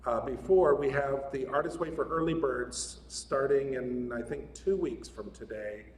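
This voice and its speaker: A man's voice: mid-range voice, measured pace. A man giving a casual, joking sermon at a spiritual center, chatty and often laughing. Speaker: guest speaker at a spiritual center. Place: large hall of a spiritual center. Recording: echoey hall, mic at a distance, faint room noise.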